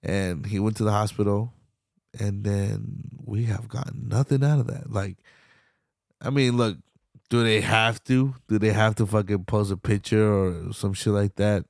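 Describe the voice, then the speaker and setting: Brief: young male podcast host, gravelly low voice, loose profane rambling, dry close sound. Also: steady tone, unhurried, no echo. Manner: loose, swearing, slangy rambling with laughs. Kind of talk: casual solo commentary.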